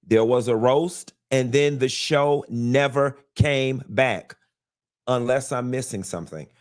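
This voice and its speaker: A man giving a commentary monologue, laying out his argument point by point in a measured way. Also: medium pitch. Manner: deliberate, measured, argues point by point. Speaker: show commentator.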